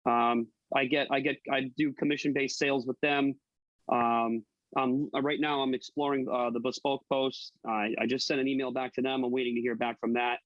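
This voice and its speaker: A man's voice: mid-range voice, no room sound, muffled recording. A man who laughs often and swears freely in casual chat. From New England. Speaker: guest, TikTok cook.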